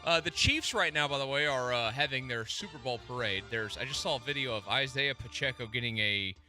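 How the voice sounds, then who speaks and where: A man's voice: medium pitch, brisk, faint music behind. A man co-hosting a sports radio show, chatting and teasing in a casual, joking way. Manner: joking, teasing, bright delivery. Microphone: studio microphone.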